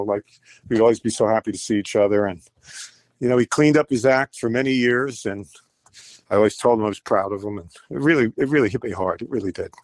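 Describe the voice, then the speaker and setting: A man's voice: medium pitch, dry recording. Older man telling stories animatedly. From United States. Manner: animated, acts out quoted voices. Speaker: guest musician. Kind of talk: storytelling interview.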